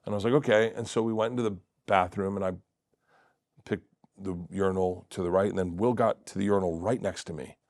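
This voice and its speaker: A man's voice: sits low, fairly even intonation, fast talker, dry recording. Middle-aged guy telling a wild story on a talk show, does all the voices, dry close mic. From Florida. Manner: acts out quoted voices, loud bursts of laughter. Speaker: comedian guest.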